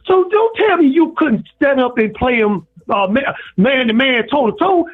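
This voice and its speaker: A man's voice: lively intonation, moderate pace, few pauses, husky, faint music behind. A man calling in to a sports radio show, preaching and repeating himself. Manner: preachy, repeats himself, swings high and low. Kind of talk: impassioned call-in rant. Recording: tinny phone line.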